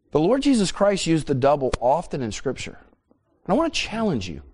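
A man's voice: a little high, a little mellow. A middle-aged man preaching a sermon, emphatic and repeating phrases for emphasis.

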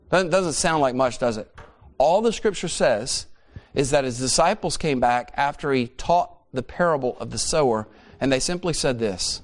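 A man in his forties preaching a sermon, telling stories in an animated way and repeating points for emphasis. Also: mid-range voice, normal speed. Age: 40s. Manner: animated storytelling, emphatic repetition. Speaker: pastor.

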